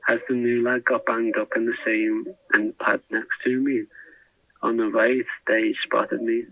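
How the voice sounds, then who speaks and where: A man's voice: medium pitch, little pitch movement, a little slow, fairly bright tone, no room sound. A man telling his diary down a prison phone, rambling and hesitant with restarts. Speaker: podcast diarist. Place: prison cell. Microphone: phone handset. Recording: phone line recording.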